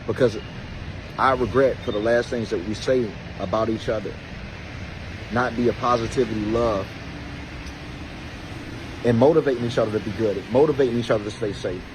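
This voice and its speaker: A man's voice: mid-range voice, steady tone. Shaken man, noisy street behind. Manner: shaken, halting, repeats himself, close to tears. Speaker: social media creator. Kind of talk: emotional video message.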